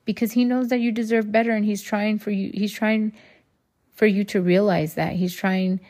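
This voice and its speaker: A woman's voice: medium pitch, level tone, normal speed, darkish tone. Woman podcast host, solo monologue, candid and rambling, heavy casual swearing. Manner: addresses listeners as y'all.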